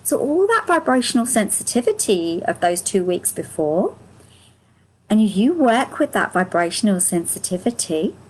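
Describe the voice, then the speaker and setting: A woman leading a live angel card reading, speaking in a gentle, affirming, soothing way. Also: medium pitch, husky, poor audio. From United Kingdom. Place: home, live stream.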